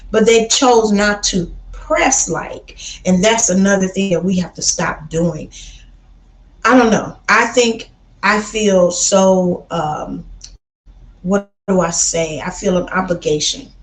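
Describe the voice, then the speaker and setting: A woman's voice: medium pitch, measured pace, echoey room, rough recording. A woman from Chicago hosting a casual livestream, talking in a blunt, preachy way and often calling listeners baby. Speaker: livestream host.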